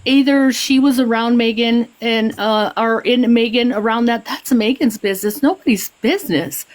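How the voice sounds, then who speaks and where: A woman in a heated live stream argument, talking with a slightly high voice. She is upset and emphatic, saying she is shaking, and keeps repeating herself as she pleads her case. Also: moderate pace, poor audio. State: shaking with anger.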